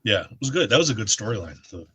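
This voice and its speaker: Low husky male co-host, bright edge, rambling casual talk. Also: very animated. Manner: rambling, halting with many restarts. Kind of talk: casual stream chat.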